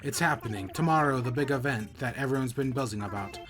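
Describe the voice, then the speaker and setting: A man's voice: medium pitch, quick pace, over music, natural voice. A man voicing a male hamster villager from a video game, with a put-on Russian accent and a showy, welcoming manner. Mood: boastful. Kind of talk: reading game dialogue aloud.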